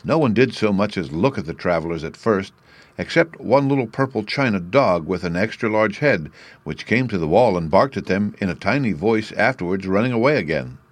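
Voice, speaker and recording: Male storybook narrator; low voice, dry close recording. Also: lively intonation, brisk, dry recording. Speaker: audiobook narrator.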